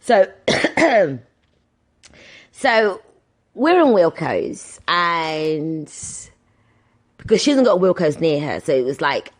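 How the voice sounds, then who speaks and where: Woman in her 30s rambling through a story on her podcast, very animated voice. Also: low-pitched, slow, pauses often. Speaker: podcast host. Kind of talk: casual storytelling monologue.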